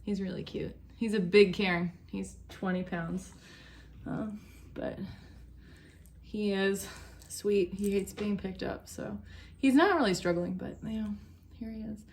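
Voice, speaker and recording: A woman's voice: medium pitch, a little slow, a little mellow, a little hiss or hum. A young woman vlogging about knitting at home in a chatty, rambling way that wanders off topic. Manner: chatty, rambling, easily sidetracked. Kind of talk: casual chat.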